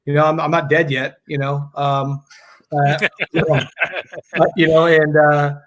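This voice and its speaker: Man, higher voice, rambling with fillers, casual chat, video call. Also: little pitch movement, unhurried. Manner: rambling, many fillers and restarts. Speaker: guest bowler.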